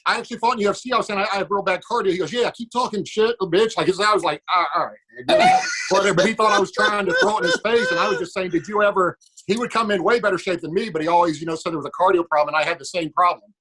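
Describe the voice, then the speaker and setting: A man, a podcast guest, telling anecdotes quickly and acting out what people said. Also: sits high, very animated, bright, forceful tone, a little hiss or hum, rough recording. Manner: fast storyteller, acts out quotes. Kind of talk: anecdotal storytelling.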